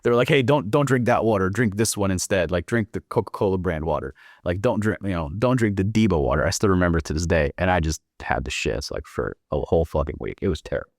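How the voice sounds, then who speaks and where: A young man telling a casual, profane story, acting out the dialogue and jumping higher when he quotes himself. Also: expressive, fast talker, no room sound, clean studio sound. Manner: swearing freely, acting out dialogue. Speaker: guest.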